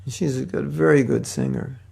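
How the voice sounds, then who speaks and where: A man's voice: mid-range voice, fairly even intonation, fairly quick, creaky, a little mellow, husky. A man giving a devotional class, telling stories and acting out the voices of the people in them. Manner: storytelling, acting out quoted voices. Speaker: spiritual teacher. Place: class setting.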